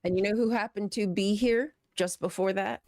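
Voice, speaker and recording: A woman's voice: medium pitch, steady tone, moderate pace, darkish tone, dry recording, clean studio sound. Blunt, profane woman co-host. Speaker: co-host of a call-in show. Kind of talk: casual political chat.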